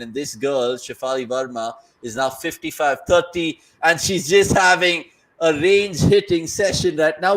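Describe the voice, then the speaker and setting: A man hosting a casual cricket watchalong from home over a video call, reading viewer comments aloud in quick, upbeat banter. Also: a little high, rough recording. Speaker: watchalong host.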